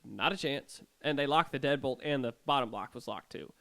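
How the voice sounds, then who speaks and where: A man's voice: medium pitch, a little fast, gravelly. Joking young man telling spooky stories. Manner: animated storyteller with sarcastic jokes. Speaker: podcast co-host. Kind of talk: casual chat, telling ghost stories.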